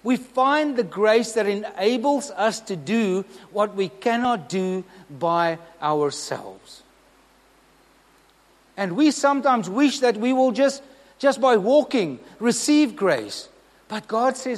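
High-voiced man preaching in an echoing hall. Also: lively intonation, slow. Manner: earnest, emphatic, asks the congregation questions. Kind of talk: sermon.

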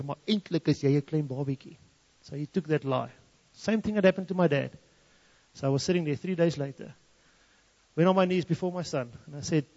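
Afrikaans south african guy telling a story, switching between languages, slightly high, rough and gravelly. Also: mellow. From South Africa, Free State. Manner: switches between English and Afrikaans, acts out quoted voices. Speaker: speaker giving a testimony. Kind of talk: storytelling testimony. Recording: dull lo-fi sound in a reverberant hall.

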